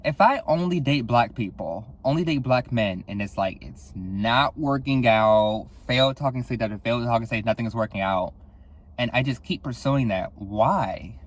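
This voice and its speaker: A young man hosting a solo podcast, speaking candidly and casually, swearing a lot, sighing often and jumping up in pitch for dramatic effect. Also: animated, moderate pace. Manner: candid and profane, with frequent sighs; dramatic, with sudden jumps in pitch. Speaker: podcast host.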